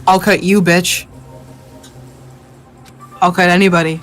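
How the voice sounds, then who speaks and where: A man playing a vain teen girl, catty taunting delivery, high voice. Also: flat delivery, slow pace, a bit bright, soft background music.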